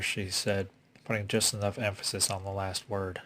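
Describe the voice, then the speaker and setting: A man reading a suspense story aloud in a steady, unhurried way. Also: low voice. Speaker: reader. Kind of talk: audiobook story narration.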